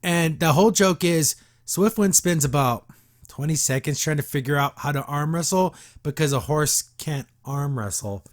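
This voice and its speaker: Sarcastic man with a higher voice. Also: moderate pace. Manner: sarcastic, mocking, exasperated. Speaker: podcast host reviewing a cartoon episode. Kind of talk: casual commentary.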